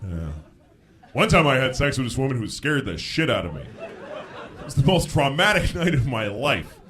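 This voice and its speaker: Animated stand-up comedian, live crowd. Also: male voice, mid-range voice, normal speed. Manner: frank, animated storytelling with shouted impressions. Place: theater stage before a live audience. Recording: live show with audience laughter. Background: audience laughter.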